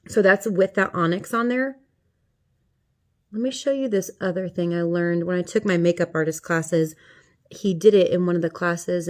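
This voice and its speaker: A middle-aged woman talking viewers through a makeup tutorial in a chatty, playful way. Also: mid-range voice. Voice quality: chatty, playful, talks to viewers as she works. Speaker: makeup vlogger.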